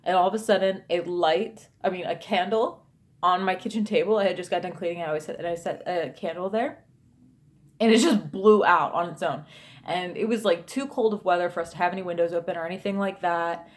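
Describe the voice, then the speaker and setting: A woman's voice: on the low side, a little fast. A woman in her thirties telling a true ghost story to camera in a chatty storytime vlog, with lots of fillers and asides. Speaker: YouTuber.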